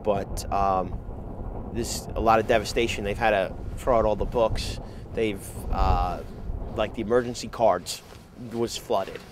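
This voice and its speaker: A man's voice: on the low side, steady tone, a little slow, noisy background. A father in his thirties speaking outdoors. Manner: conversational, with frequent ums. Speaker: parent and resident. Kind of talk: casual interview.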